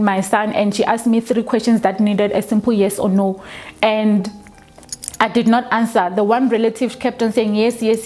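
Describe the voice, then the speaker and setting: A woman, telling her own story for a documentary, slow and halting with frequent restarts. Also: medium pitch, a little mellow. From South Africa. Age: 20s. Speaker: documentary interviewee. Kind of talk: personal testimony.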